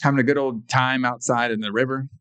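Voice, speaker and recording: A man's voice: medium pitch, steady tone, quick pace, a bit bright, smooth, no room sound. A man co-hosting a podcast, recapping a movie in a rambling, crude casual chat full of swearing. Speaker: podcast co-host.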